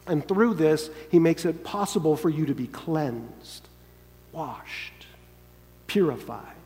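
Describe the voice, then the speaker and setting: A man's voice: on the high side, animated, slow, warm tone. A man preaching a sermon in an earnest, emphatic way, sometimes acting out quoted lines. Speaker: pastor. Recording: long hall reverb.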